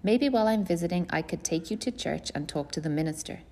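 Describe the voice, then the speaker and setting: A woman's voice: lowish voice, expressive, fast talker, mellow. A woman voicing an elderly, pious grandmother who talks in a firm, matter-of-fact way in an audiobook reading. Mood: insistent. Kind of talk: audiobook character voice.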